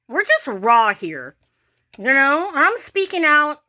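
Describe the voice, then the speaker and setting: Irritated high-voiced American woman ranting. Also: very animated, takes it slowly, sharp tone. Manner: irritated, rambling, many "like" fillers. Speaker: vlogger. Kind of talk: casual ranting to camera.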